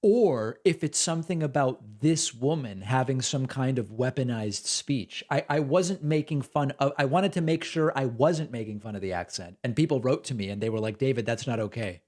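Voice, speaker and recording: A man hosts a political commentary show, reacting to clips with dry sarcasm. His voice sits at an ordinary middle pitch and his delivery is casual and mocking. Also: animated, moderate pace, hardly any pauses, a little mellow. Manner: sardonic, mocking.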